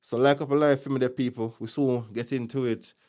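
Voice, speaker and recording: A man with a Jamaican accent hosting a casual live news stream, chatty and opinionated, greeting viewers with shout-outs as he talks through the day's news. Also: mid-range voice, fairly even intonation, a little fast. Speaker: livestream news host.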